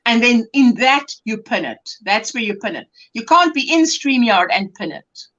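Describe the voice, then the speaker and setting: A woman co-hosting a casual livestream, explaining things patiently in an animated way. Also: on the high side, normal speed, dull audio. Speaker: co-host on a livestream. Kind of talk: casual chat.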